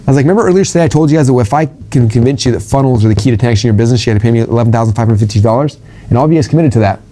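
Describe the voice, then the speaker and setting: Man, middle-aged, very fast delivery, dark mellow tone, filler-heavy storytelling, acts out quoted dialogue. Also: mid-range voice. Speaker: speaker teaching sales presentations. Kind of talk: storytelling talk to an audience.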